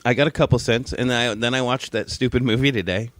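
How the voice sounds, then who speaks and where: A man's voice: mid-range voice, fast talker, slight background noise. A man co-hosting a casual podcast, telling stories with heavy swearing and acting out what people said. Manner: animated storyteller, heavy swearing, acts out quotes. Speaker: podcast co-host. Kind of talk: casual chat.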